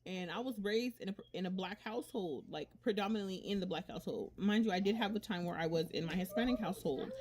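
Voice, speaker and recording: A woman's voice: medium pitch, fast, few pauses, a little mellow. Rambling, candid woman chatting. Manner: rambling and candid, with frequent swearing; restarts and repeats herself often. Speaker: beauty vlogger. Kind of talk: casual chat while doing makeup.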